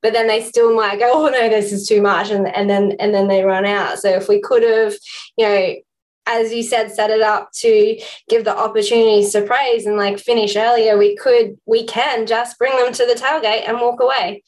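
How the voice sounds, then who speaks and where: A woman's voice: a little high, little pitch movement, normal speed, darkish tone, poor audio. A woman hosting a podcast, talking casually about horse training and often filling her speech with "like". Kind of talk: conversational podcast chat.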